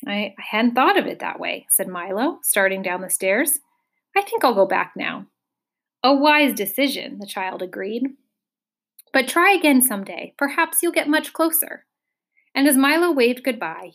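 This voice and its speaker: A woman reading a children's novel aloud, giving the characters expressive voices. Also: mid-range voice. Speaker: audiobook reader. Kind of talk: storybook reading.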